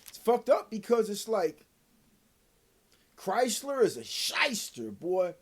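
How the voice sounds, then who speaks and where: A man vlogging a profane, heated rant to camera, swinging between loud outbursts and low mutters, with a dry throat. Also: wildly swooping pitch, slow pace, slightly rough.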